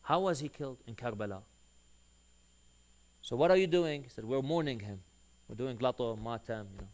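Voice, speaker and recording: Animated male preacher telling a story. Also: mid-range voice, normal speed. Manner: animated storyteller who acts out quoted dialogue. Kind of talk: storytelling sermon.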